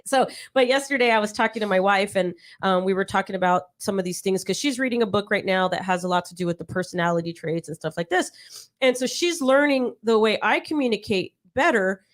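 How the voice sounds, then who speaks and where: A young adult woman co-hosting a casual live chat, telling animated stories and laughing often. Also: medium pitch, a little fast. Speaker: podcast co-host.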